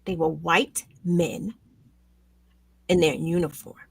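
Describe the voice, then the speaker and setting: A woman hosting a talk show, speaking with raw emotion, her voice swinging between loud outbursts and hushed near-whispers. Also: low voice, steady tone, takes it slowly, gravelly, husky, no room sound. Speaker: show host. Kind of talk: emotional commentary chat.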